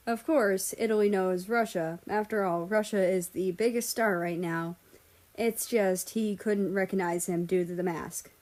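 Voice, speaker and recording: A woman narrating a fan fiction audiobook in a steady, even way. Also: mid-range voice, moderate pace. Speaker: story reader.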